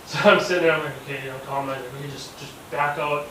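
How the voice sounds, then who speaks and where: A man telling a hunting story in casual chat, animated, acting out quotes and swearing freely. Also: on the high side, fast talker. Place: hunting camp gathering. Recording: echoey, distant, noisy camp recording.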